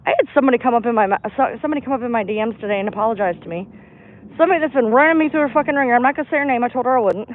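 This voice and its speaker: A woman's voice: a little high, rapid-fire. A woman on a livestream, venting bluntly and emphatically and swearing freely as she talks. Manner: blunt, profane, emphatic ranting. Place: outdoors in a park. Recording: tinny phone-like, dry sound.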